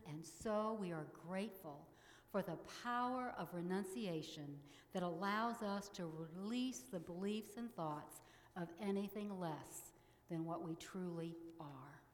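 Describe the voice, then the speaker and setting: A middle-aged woman minister giving a sermon in a church, leading the congregation in spoken affirmations in a measured way. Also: lowish voice, in a large hall, a crowd in the background.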